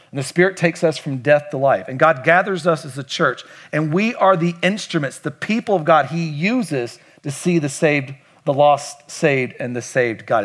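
A man's voice: a little high, a bit bright. A middle-aged male pastor from Kentucky, preaching a sermon emphatically and asking the congregation questions. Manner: emphatic, asks the congregation questions and repeats lines.

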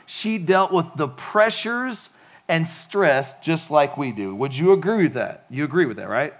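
A man's voice: fairly high pitch, expressive, measured pace. A man preaching a sermon as pastor, in a casual, conversational way with frequent asides to the congregation.

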